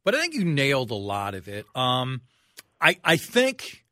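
A man's voice: medium pitch, wildly swooping pitch, unhurried, pushed and bright, no room sound, clean studio sound. Easygoing middle-aged male radio host. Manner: easygoing, self-mocking, asks open questions. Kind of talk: casual radio chat. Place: radio studio.

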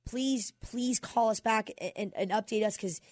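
A woman's voice: mid-range voice, moderate pace, a little mellow, no room sound, clean studio sound. A woman co-hosting live radio, speaking earnestly and with some stammering to a caller. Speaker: radio co-host.

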